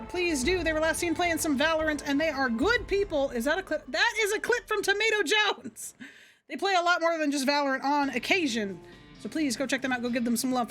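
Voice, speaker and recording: A young woman streams a game, chatting casually with viewers and reading game text aloud in an upbeat way. Her voice is high and a bit bright.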